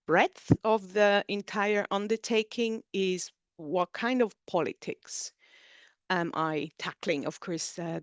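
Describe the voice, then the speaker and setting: A woman's voice: mid-range voice, no room sound. A woman whose first language is German, presenting her book in an online seminar talk and explaining her points in lists. She speaks over a video call.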